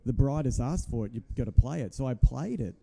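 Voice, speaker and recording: A man's voice: medium pitch, expressive, a little fast, gravelly, mellow. A man hosting a casual chat, easygoing and full of fillers as he swaps gig stories. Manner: easygoing, many fillers, affirms with "yeah". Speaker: podcast host and musician.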